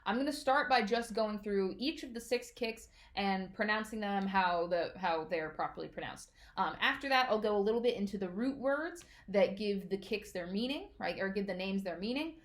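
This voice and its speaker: A woman's voice: mid-range voice, animated, normal speed, few pauses. A woman teaching as a martial arts instructor, explaining patiently and checking in often with "all right?".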